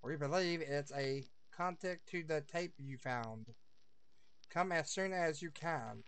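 A man voicing a small-town male county sheriff on the phone in a video game, speaking slowly and deliberately. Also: fairly high pitch, a bit bright, a little hiss or hum. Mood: urgent.

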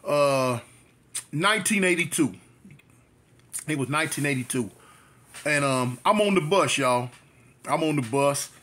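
High, bright-voiced storytelling man. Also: animated, measured pace, pauses often. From South Central Los Angeles. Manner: chatty, repetitive, loose street slang. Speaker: vlogger. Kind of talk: storytime monologue.

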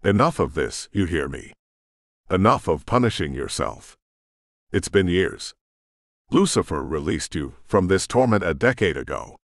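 A man voicing an ancient, stern male demon blacksmith, gruff and commanding, in an audiobook. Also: sits low, sing-song, a little slow, no room sound, studio quality, heavily acted. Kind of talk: audiobook character voice.

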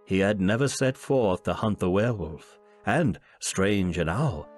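Slow, low-voiced male storyteller. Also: a little mellow. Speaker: narrator. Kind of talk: scripted narration of an old tale.

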